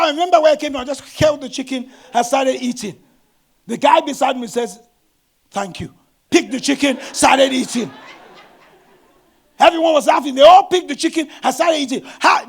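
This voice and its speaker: A middle-aged man, a pastor, preaching a sermon with animated storytelling and bursts of shouting. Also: very high voice, normal speed, vocal fry.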